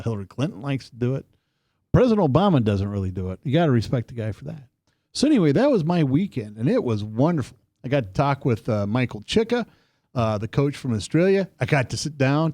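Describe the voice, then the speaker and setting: A man co-hosting a casual political radio chat, telling stories in an animated, lively way. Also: no room sound, clean studio sound. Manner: animated storytelling, lively pitch swings. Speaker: co-host. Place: studio.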